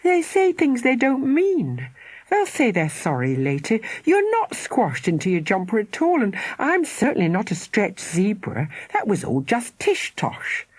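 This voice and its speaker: A woman's voice: mid-range voice, huge pitch swings, unhurried, no room sound, pitched above the performer's own voice. A woman reading an audiobook, voicing a spirited young girl who fusses over her little brother with exclamations and coaxing. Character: spirited young girl, bossy big sister. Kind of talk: audiobook character voice.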